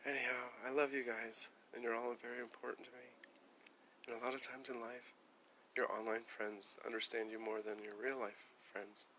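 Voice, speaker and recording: A man's voice: mid-range voice, flat delivery, normal speed, bright, forceful tone, slight background noise. A young man rambling on a casual livestream, part spiritual preaching, part chatting with viewers. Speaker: livestream host.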